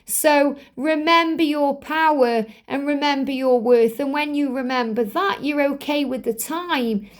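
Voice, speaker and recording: A woman's voice: sits high, measured pace, hardly any pauses. A woman giving a spiritual card reading to her viewers, in a soothing, reassuring voice with lots of repetition. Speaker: tarot card reader.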